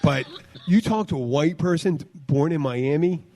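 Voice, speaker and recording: A man hosting a casual podcast, talking in a rambling, halting way with many fillers and restarts, and swearing freely. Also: fairly high pitch, a little mellow. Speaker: podcast host, bartender.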